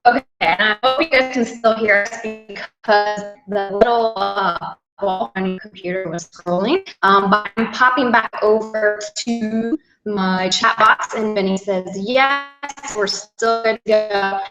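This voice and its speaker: A woman's voice: medium pitch, steady tone, a little slow, reverberant, over music, rough recording. A woman co-hosting a live online sales webinar, upbeat and persuasive, repeating key points for emphasis. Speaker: webinar co-host.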